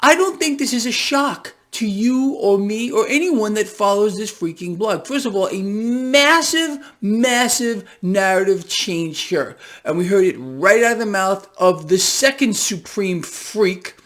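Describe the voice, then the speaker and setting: Finance blogger, American man, high-pitched, mocking and animated delivery. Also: a little slow, hardly any pauses. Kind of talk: casual market commentary.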